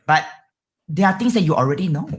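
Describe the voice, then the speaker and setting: Bubbly outspoken Malaysian woman, low voice. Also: animated, fast. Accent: Malaysian English. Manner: bubbly, outspoken, swears freely. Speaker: guest streamer. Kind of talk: candid podcast chat.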